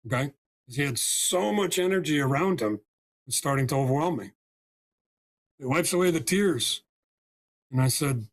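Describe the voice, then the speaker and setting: A spiritual healer from the United States, guesting on a podcast, relates a story in an emphatic manner, regularly asking "right?" and "okay?". His medium-pitched voice moves at a normal pace, broken by long pauses.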